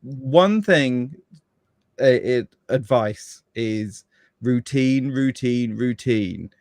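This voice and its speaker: A man's voice: mid-range voice, expressive, extremely slow, a little mellow, no room sound, clean studio sound. A man chatting casually as a podcast guest about fatherhood, rambling with many restarts and fillers.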